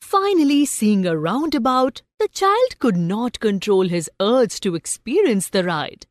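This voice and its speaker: A woman teacher reads a storybook aloud slowly and with an animated, rising and falling voice. Her voice sits a little high, and the recording is dry and close with no room sound. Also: no echo. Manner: slow, expressive storytelling. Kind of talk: storybook narration and lesson.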